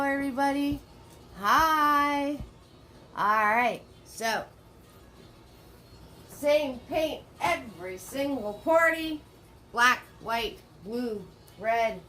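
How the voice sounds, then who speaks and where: A paint party host from Washington state teaches a live class online, chatting and singing out greetings to viewers. Her voice is a little high and a bit bright.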